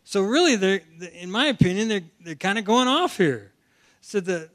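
With lively intonation and a fairly bright tone, this high-voiced man preaches at a normal speed. He's giving an expository Bible sermon, speaking animatedly and repeating words whenever he restarts a phrase.

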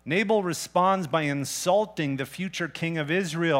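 A man's voice: on the high side, normal speed, hardly any pauses, fairly bright tone. A man preaching a sermon in a plain, conversational way, reading scripture aloud and asking his listeners pointed questions. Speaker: pastor.

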